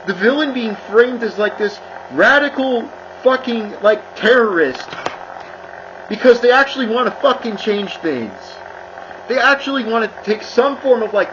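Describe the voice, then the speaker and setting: Person ranting hard, swears nonstop, pitch jumps all over, dull lo-fi sound with noise behind. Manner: heated, swears constantly, repeats itself. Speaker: commentator. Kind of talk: angry profane rant.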